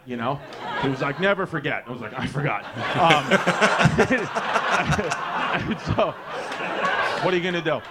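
A man's voice: on the high side, fairly bright tone. A man, doing profane, rambling stand-up storytelling on a club stage. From New York. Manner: brash, profane, rambling with fillers. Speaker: stand-up comedian. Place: comedy club stage with live audience.

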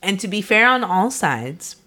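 A woman's voice: mid-range voice, sing-song, unhurried, sharp tone. A woman hosting a true-crime podcast, telling the case in casual chat, laughing often and swearing freely. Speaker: podcast host, narrator of the case.

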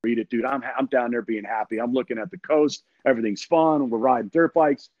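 A man's voice: mid-range voice, brisk, no echo. A man guest on a podcast, telling a story energetically in laid-back slang with frequent restarts. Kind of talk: animated storytelling. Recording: dull, dry lo-fi sound.

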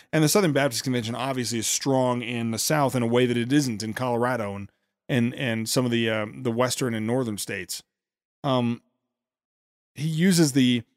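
A man's voice: mid-range voice, dry recording, studio quality. A man hosting a podcast, commenting critically and sarcastically on a speech, often stopping and restarting his sentences. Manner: sarcastic, with many halting restarts. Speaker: podcast host.

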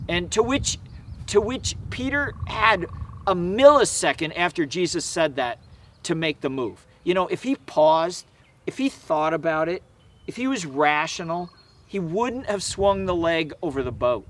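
A man with a slightly higher voice delivers a sermon. His preaching is emphatic yet conversational, with casual asides and fillers. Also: animated, measured pace, a bit bright. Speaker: pastor.

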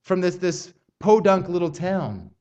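Man, sermon, earnest preaching, slightly higher voice. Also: sing-song, measured pace, darkish tone, lo-fi sound. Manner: earnest expository preaching, rising intensity on quoted lines. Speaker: pastor.

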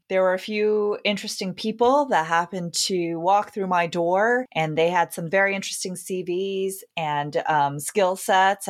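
A woman with a notably low voice, speaking as a talent agent in a relaxed panel Q&A. She talks frankly and upbeat, with easy laughter in her manner. Her delivery is conversational and direct. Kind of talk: casual panel Q&A.

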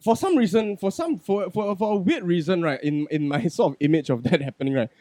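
A man's voice: high-pitched, fairly quick, no room sound. Candid man, dry close sound. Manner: candid and profane, swings between quiet reflection and loud animated storytelling. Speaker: podcast guest. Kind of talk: casual podcast chat.

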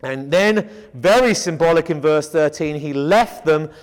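Male Bible teacher, fairly high voice, emphatic lecturing with rhetorical questions, long reverb of a hall. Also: measured pace. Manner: emphatic, asks rhetorical questions and answers them.

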